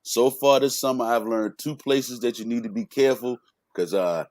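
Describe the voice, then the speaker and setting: A man hosting a casual morning podcast who talks in a halting way, repeating words and chiming in with short agreements. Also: mid-range voice, a little mellow, no echo. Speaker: podcast host. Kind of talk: casual morning show banter. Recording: dry close mic.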